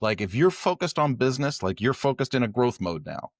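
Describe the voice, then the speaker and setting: A man's voice: mid-range voice, sing-song, fairly quick, dry recording, clean studio sound. A middle-aged man co-hosting a podcast, telling a long story in casual chat and acting out the dialogue he quotes. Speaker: podcast co-host.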